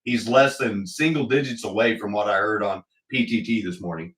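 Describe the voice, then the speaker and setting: A man's voice: on the low side, normal speed, a bit bright. A man hosting a casual livestream from his home hobby room. He rambles with many fillers and greets viewers in the chat. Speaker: livestream host. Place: home hobby room with slot car track. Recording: echoey room, voice picked up from a distance.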